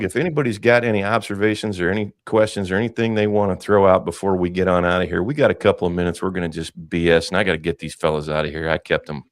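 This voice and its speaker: Deep-voiced man hosting a rambling movie chat. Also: quick pace, hardly any pauses, dry recording. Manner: animated, rambling, jokey, swears freely. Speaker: podcast host.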